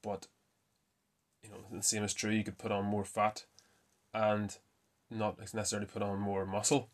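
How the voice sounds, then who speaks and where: A man hosting a casual fitness talk, chatty and quick to correct himself with a laugh. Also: on the low side, monotone. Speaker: fitness podcast host. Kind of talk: casual myth-busting talk.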